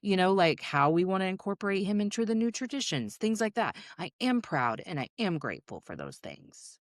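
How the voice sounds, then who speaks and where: A woman's voice: mid-range voice, big pitch swings, brisk, dry recording, studio quality. A middle-aged woman hosting a podcast, talking openly and emotionally in casual conversation, swearing now and then. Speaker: podcast host, therapist. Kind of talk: candid conversational chat.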